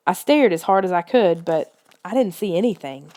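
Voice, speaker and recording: A woman's voice: on the low side, lively intonation, normal speed, warm tone. A woman narrating a children's adventure book in a tense, suspenseful reading style. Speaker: audiobook reader. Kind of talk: scripted storybook narration.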